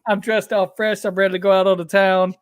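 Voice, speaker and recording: A man co-hosts a casual home podcast, adding crude jokes and stories in a laid-back way. His voice is fairly high. The sound is dry and close. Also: little pitch movement, quick pace, no room sound. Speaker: podcast co-host. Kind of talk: casual chat.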